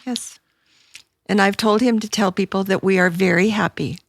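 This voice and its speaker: An older woman chatting as a podcast guest at home, giving short, agreeable replies with soft laughter. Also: mid-range voice, steady tone, moderate pace, gravelly, no room sound, clean studio sound. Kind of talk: casual chat.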